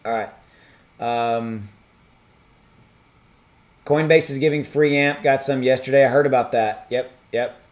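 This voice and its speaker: A man hosting a crypto livestream from a home setup, reading out viewer messages in a rambling, halting way with many ums and restarts. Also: medium pitch, steady tone. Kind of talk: casual livestream chat reading super chats.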